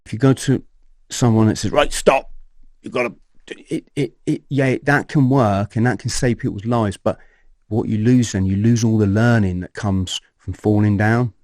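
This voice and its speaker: A man, a podcast guest telling his personal story in an animated way, swearing and acting out scenes. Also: lowish voice, normal speed, no echo, clean studio sound.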